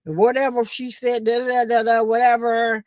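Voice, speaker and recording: A woman, talking straight to her livestream chat. Her voice sits a bit high and the sound is dry and close. She tells the story in a chatty, animated way and acts out the other people's lines as she goes. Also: normal speed, no room sound. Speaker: livestream host. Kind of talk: casual gossip commentary.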